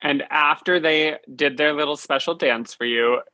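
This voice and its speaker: A man's voice: on the high side, normal speed, bright, forceful tone. A man co-hosting a podcast, asking friendly follow-up questions in a casual chat. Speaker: podcast co-host.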